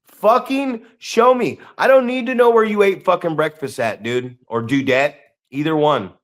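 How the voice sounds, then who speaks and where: A man's voice: fairly high pitch, normal speed. A man co-hosting a podcast, ranting in a casual, profane, emphatic way. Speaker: podcast co-host.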